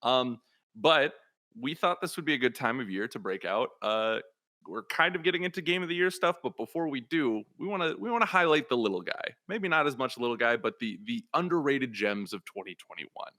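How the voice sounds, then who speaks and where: A man's voice: medium pitch, lively intonation, fairly quick, bright, forceful tone. A man hosting a casual video game podcast in an easygoing, lightly joking way. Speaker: podcast host.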